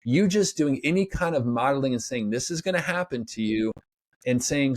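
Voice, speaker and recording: A man talking as a sports psychologist guest in a casual podcast interview, energetic and acting out pep talks. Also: medium pitch, normal speed, no room sound. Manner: energetic, acts out pep talks in quoted voices.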